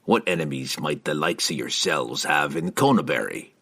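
A man voicing a suspicious male farmer who challenges strangers gruffly. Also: a bass voice, normal speed, fairly bright tone, voice pushed down, exaggerated voice. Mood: wary. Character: suspicious male farmer guarding his home, blunt.

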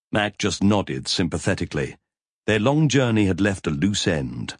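Husky man narrating an audiobook. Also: low-pitched, very animated, measured pace, no room sound, studio quality. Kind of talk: scripted narration.

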